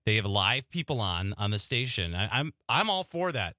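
A man's voice: on the low side, big pitch swings, normal speed, sharp tone, no echo, clean studio sound. A man, a guest on a radio show, chatting in a friendly way about his past in radio. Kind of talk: casual radio interview. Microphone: studio microphone.

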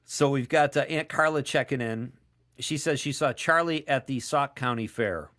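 A man's voice: mid-range voice, moderate pace, fairly bright tone. A man hosting a casual call-in radio show, chatting and joking as he reads listener texts aloud.

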